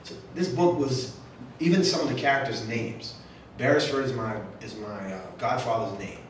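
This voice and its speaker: An author with a mid-range voice at normal speed talks casually with young readers during an audience Q&A, jokey and chatty, acting out the voices of people he quotes. The event room at the literary center sounds very echoey from the far-off recording, with faint noise.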